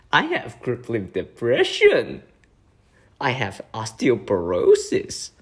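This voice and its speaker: A man doing an impression of a deadpan male internet comedian. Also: medium pitch, slow pace, breathy edge, exaggerated voice.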